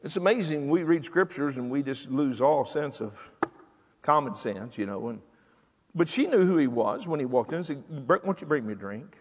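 A man's voice: a little high, expressive, normal speed, a little mellow, slightly rough, long reverb tail. An older male pastor preaching a sermon emphatically, with repetition.

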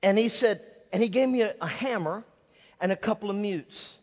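A male pastor delivers a sermon from a church stage in a fairly high voice. He tells stories with imitated sound effects. His voice rings out with a long reverb through the hall. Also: moderate pace. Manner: lively storytelling with sound effects. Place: church sanctuary.

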